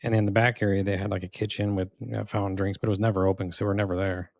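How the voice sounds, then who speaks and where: A low, gravelly man talks quickly through a casual story, spinning loose anecdotes with plenty of fillers. The sound is close and dry, with no room around it. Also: dry recording. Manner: relaxed, rambling anecdotes with drawn-out fillers. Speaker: podcast co-host.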